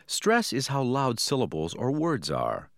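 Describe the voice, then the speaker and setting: A man explaining spoken politeness in a clear, scripted teaching manner. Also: medium pitch, wildly swooping pitch, unhurried, a bit bright, dry recording, studio quality. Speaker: language teacher.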